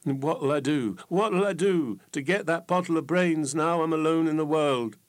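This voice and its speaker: Storybook fool, young and simple, weepy and pleading, pitched well up, read by a male narrator. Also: very animated, normal speed. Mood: grieving. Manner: sobbing, pleading, rustic dialect speech. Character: grieving simple-minded young man, weepy, bewildered.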